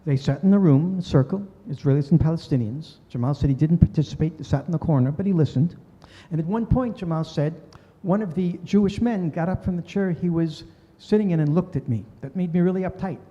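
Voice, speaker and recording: A man's voice: a little high, brisk, few pauses, warm tone. An older man giving a talk, telling a story earnestly and voicing the people in it. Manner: earnest, voices quoted people. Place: synagogue hall. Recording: dull recording in a reverberant hall.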